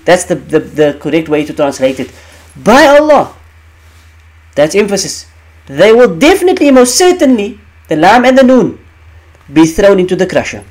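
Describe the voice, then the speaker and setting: A man's voice: on the high side, darkish tone. A man teaching the meaning of Quranic verses in an emphatic way, repeating key phrases and asking rhetorical questions.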